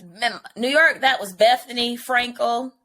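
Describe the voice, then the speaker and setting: A woman's voice: on the high side, a little slow, fairly bright tone. A woman co-hosting a podcast in casual chat, blunt and joking with a slangy manner. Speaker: podcast co-host. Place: Atlanta.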